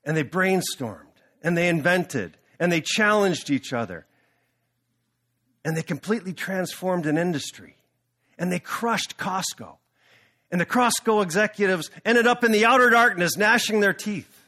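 A male pastor preaching a sermon, telling a story in an animated, dramatic way. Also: high-pitched, unhurried.

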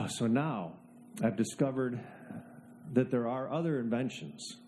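A man preaching a sermon, telling a story with dry, self-mocking humor and dropping low and soft to make a point. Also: takes it slowly, a little hiss or hum.

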